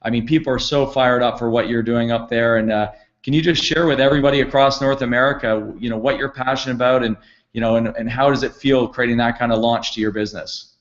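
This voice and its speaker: A man's voice: medium pitch, steady tone, fast, lo-fi sound. A middle-aged man hosting a company conference call, speaking in an upbeat, promotional way with frequent fillers. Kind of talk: enthusiastic sales kickoff call. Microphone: conference call line.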